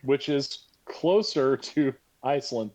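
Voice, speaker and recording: A man's voice: medium pitch, slow, noisy background. A man acting as game master in an online tabletop game, chatty and encouraging. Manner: chatty, encouraging, lively intonation. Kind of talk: narrating a tabletop game over voice chat.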